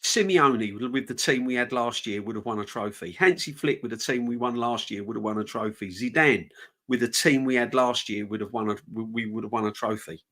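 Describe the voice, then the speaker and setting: A man's voice: medium pitch, fairly quick, fairly bright tone. A man hosting a fan channel live stream, ranting with passion and repeating himself. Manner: passionate, fuming, repetitive.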